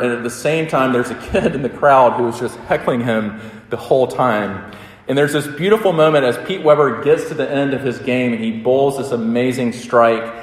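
A man delivers a sermon in an earnest, conversational way, circling back and repeating his phrases as he builds each point. His voice sits in a middle register. The sound carries the long, roomy echo of a large hall. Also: medium pitch. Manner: earnest, conversational preaching with repetitions. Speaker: pastor. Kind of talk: sermon with opening prayer.

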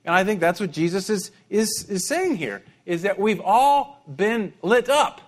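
High-voiced conversational male preacher. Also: lively intonation, a little slow. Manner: conversational, repeats words when restarting. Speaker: pastor. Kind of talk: sermon.

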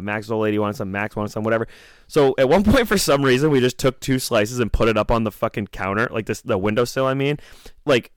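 Animated, laughing young man telling stories. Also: medium pitch, no echo. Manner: laughs often, swears constantly, animated retelling. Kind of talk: casual storytelling chat.

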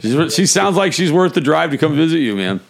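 Gravelly, lively man cracking jokes. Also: fairly high pitch, soft background music. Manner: joking, teasing, chimes in with quick quips. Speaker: podcast co-host. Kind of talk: casual chat.

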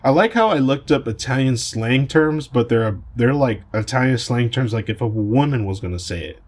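A man's voice: mid-range voice, animated, normal speed. A man hosting a podcast, talking casually in a brash, boastful and profane way. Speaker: podcast host.

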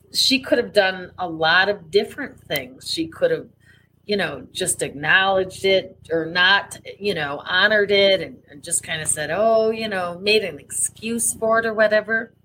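A woman's voice: mid-range voice, unhurried, fairly bright tone, slight background noise, poor audio. A woman co-hosting a podcast in casual conversation, emphatic and blunt, with many fillers. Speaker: podcast co-host.

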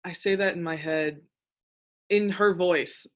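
A woman hosting a podcast in casual chat, gushing with thanks and filling pauses with ums. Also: fairly low pitch, steady tone. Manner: gushing, warm thanks with fillers. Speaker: podcast host.

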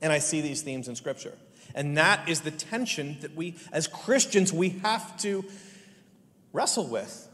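A man preaching a sermon, telling funny family stories and pressing his point with lively emphasis. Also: fairly high pitch, unhurried. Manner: lively, joking, rising to animated emphasis. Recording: long hall reverb.

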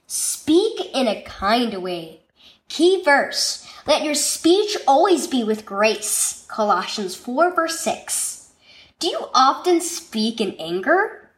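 Expressive woman reading a kids' devotional. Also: on the high side, takes it slowly. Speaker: devotional narrator. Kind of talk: scripted children's devotional reading.

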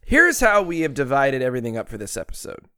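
A man co-hosting a podcast in casual banter, crude and quick to get outraged. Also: mid-range voice, huge pitch swings, sharp tone, smooth, no echo, studio quality. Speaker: podcast co-host.

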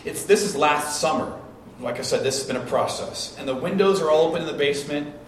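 A man's voice: a little high, brisk. A man preaching a sermon as pastor, talking in a conversational storytelling way with restarts and repeated phrases. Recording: echoey hall recording from a distance with faint noise.

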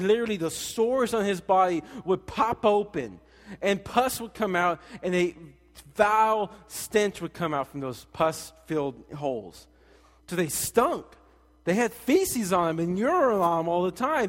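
Animated young preacher in a reverberant hall. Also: male voice, high voice. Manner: animated, casual slang, acts out quoted voices. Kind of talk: sermon.

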